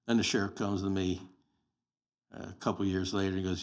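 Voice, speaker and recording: Blunt, anecdotal man in his sixties; low-set voice, relaxed interview storytelling. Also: a little fast. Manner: plain-spoken, anecdotal, blunt. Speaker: podcast guest, sheriff candidate.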